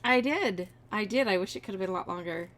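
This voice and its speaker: A woman's voice: mid-range voice, fast talker, fairly bright tone. A woman co-hosting a casual chat, talking freely and laughing easily.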